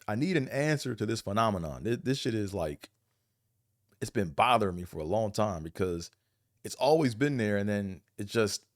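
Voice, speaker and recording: A man from Buffalo with a Buffalo accent, hosting a casual monologue vlog, rambling and animated, profane, often mimicking other people's accents. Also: fairly low pitch, dry recording, clean studio sound. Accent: Buffalo, New York. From Buffalo, New York. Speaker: vlog host.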